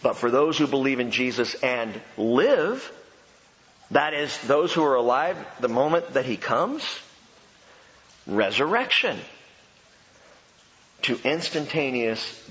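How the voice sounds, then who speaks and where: A man preaching a sermon, emphatic and animated, asking rhetorical questions. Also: medium pitch, slow pace, pauses often, long reverb tail, lo-fi sound. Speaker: pastor.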